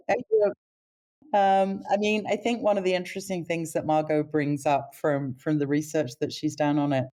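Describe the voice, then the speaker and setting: Low-voiced nurse lady chatting, mellow tone, voice jumps up when she quotes ppl. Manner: animated pitch when quoting others. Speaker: palliative care nurse. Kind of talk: casual storytelling interview.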